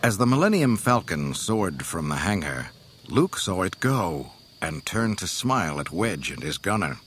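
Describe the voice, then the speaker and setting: A man reading a storybook aloud in a dramatic, expressive way. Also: low voice, unhurried, a little hiss or hum. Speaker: narrator. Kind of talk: storybook narration.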